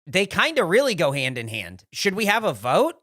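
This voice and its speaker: A chatty man co-hosts a podcast, teasing his friends about bets and the weather. His voice is high, bright and sharp, swinging widely in pitch. The recording is dry and close. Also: wildly swooping pitch, moderate pace, no room sound. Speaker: podcast co-host. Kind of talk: casual group chat.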